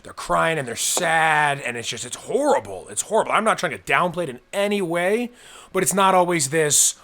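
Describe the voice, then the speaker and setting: A man's voice: a little high, lively intonation, moderate pace, fairly bright tone. A young man co-hosting a casual podcast, talking earnestly and at length, acting out people's inner thoughts as he goes. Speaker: co-host.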